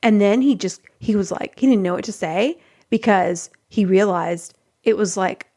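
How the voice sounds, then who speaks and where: Casting note: middle-aged woman, chatty host, animated, acts out quotes, mid pitch. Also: moderate pace. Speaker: relationship podcast host. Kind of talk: casual advice monologue.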